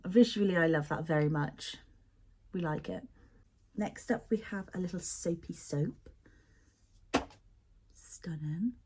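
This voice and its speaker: Husky-voiced woman unboxing products. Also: on the low side. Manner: chatty, expressive, self-deprecating, sniffs and describes products. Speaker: beauty product unboxing vlogger. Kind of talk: casual unboxing chat.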